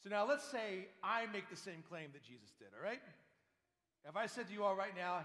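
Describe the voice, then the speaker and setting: A man with a high voice preaches a sermon as a priest. He speaks with emphasis and puts rhetorical questions straight to his congregation. His voice rings out with a long reverb through the church. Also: lively intonation, normal speed, sharp tone.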